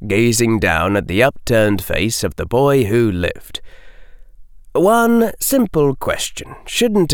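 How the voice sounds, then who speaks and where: Male audiobook narrator, slow and even-handed, expressive pitch, dry close studio sound. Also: no echo.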